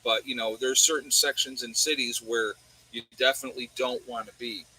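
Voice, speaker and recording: A man's voice: medium pitch, fairly even intonation, a little fast, sharp tone, breathy edge, poor audio. A man with a New York accent hosting a livestream and answering viewer chat in a rambling way, often asking his audience rhetorical questions. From New York State.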